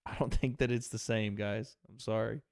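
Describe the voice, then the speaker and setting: A man's voice: fairly low pitch, fairly even intonation, moderate pace, a little mellow, clear, resonant tone, dry recording, studio quality. A man hosting a livestream watch party, giving casual, profane commentary on a fight and bantering with his chat. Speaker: livestream host.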